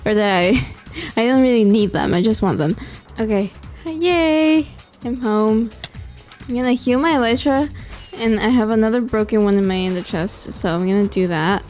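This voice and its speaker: A woman's voice: a little high, moderate pace, a little mellow, faint music behind. A young woman giving casual commentary over her gameplay, tired late at night, pleading and exasperated and laughing often. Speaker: gaming vlogger.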